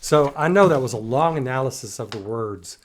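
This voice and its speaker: A man's voice: medium pitch, lively intonation, fairly quick, slight background noise. A man hosting a music reaction, talking in casual commentary and restarting and repeating words as he muses. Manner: musing, restarts and repeats words while analyzing.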